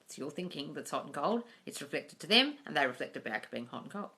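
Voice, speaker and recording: A woman's voice: low-pitched, sing-song, fast talker, pushed and bright. A woman answering viewer questions on a livestream as a manifesting coach, talking directly and calling listeners darling. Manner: calls listeners darling and guys. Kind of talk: live Q&A coaching. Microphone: phone on a livestream.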